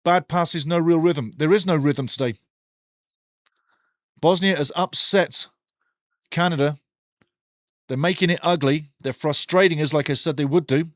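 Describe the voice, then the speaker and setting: A man hosting a live match watchalong, calling the play and answering chat in an animated, opinionated way. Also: unhurried, pauses often, dry recording, studio quality. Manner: animated, opinionated, swings from excited calls to low asides. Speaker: watchalong host commentating a match.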